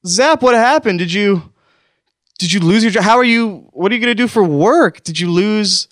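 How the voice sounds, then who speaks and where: A man's voice: high voice, lively intonation, normal speed, fairly bright tone, no room sound, clean studio sound. A man hosting a comedic call-in show, talking in a rambling, self-deprecating, mock-wounded way.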